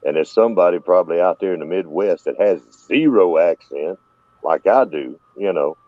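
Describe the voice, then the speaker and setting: A man's voice: deep voice, normal speed, no echo. A man with a Southern US accent hosting a casual live-stream chat, telling rambling stories. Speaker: host. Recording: dull lo-fi dry sound.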